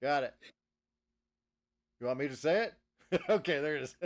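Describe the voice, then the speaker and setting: A man hosting an interview, firing off quick questions and laughing often. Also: a little high, lively intonation. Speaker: interview host. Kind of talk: casual interview chat.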